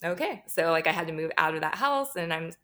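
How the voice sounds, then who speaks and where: A woman's voice: sits low, expressive, fairly quick, fairly bright tone. A woman talking candidly as an interview guest, laughing often and swearing freely. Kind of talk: casual interview chat.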